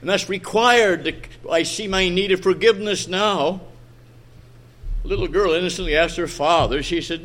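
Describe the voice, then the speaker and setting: A man's voice: high-pitched, moderate pace, a bit bright. A middle-aged man preaching a sermon in a church meeting room, fervent and pleading, his voice swelling and dropping.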